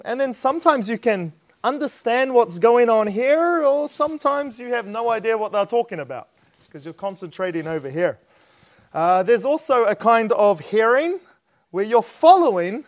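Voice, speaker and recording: A man with a New Zealand accent preaching a sermon in a church, in a relaxed, chatty and self-deprecating way. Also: sits high.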